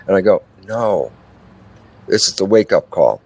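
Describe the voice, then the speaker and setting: A man's voice: sits low, measured pace, gravelly, long pauses, no echo. An older man, an interview guest, explaining his ideas at length and acting out little dialogues with himself. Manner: animated storytelling, acts out dialogue with himself. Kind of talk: expansive conversational explanation.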